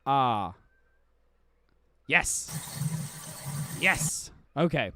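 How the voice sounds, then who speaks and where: A man's voice: fairly high pitch, moderate pace, smooth. A male podcast host giving casual streamed commentary, with profane, exaggerated ranting.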